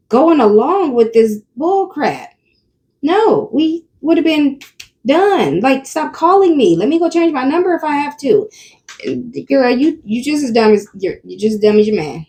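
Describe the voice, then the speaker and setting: A woman hosts reaction commentary, scolding the people in the clip with blunt remarks. Her voice is high and mellow, and it swings widely in pitch. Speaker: commentary channel host.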